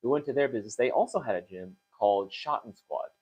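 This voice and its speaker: Young male co-host, quick animated storyteller, lots of "like" and restarts. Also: medium pitch, husky, dull audio, faint music behind. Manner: fast, animated storytelling with many fillers. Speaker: co-host of a store talk show. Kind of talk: casual chat.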